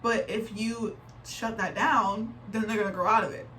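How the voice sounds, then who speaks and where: A woman's voice: mid-range voice, steady tone, normal speed, fairly bright tone. Chatty young woman, a bit off-mic. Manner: chatty, heavy "like" filler, exasperated. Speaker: reaction video creator. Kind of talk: casual reaction commentary, reading posts aloud. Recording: distant mic with faint background noise.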